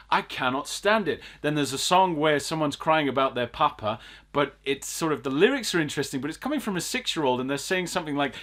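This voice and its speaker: Man, podcast host, mid-pitched voice, exasperated rant, repeats himself for emphasis. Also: a bit bright. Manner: ranting, exasperated, emphatic repetition. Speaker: film review podcast host. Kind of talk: casual film review chat.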